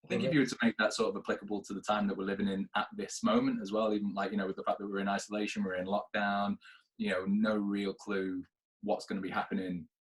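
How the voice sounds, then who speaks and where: A man with a fairly low voice speaks as a podcast guest. He is earnest and reflective, and he laughs easily in casual conversation. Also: little pitch movement, fast, poor audio. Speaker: podcast guest, actor and business owner.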